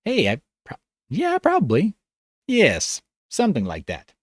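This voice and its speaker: A man hosts a casual livestream from a home studio, his voice tired. He rambles and breaks off mid-thought, swinging his pitch up and down a lot. The sound is dry and close, with no room around it. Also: huge pitch swings, measured pace, no room sound. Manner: rambling, loose, self-interrupting. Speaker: livestream host. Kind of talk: casual livestream chat reading comments.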